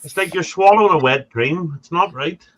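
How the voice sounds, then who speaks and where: A man's voice: fairly high pitch, moderate pace, a crowd in the background, rough recording. A man in casual livestream chat, rambling with crude jokes. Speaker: livestream guest.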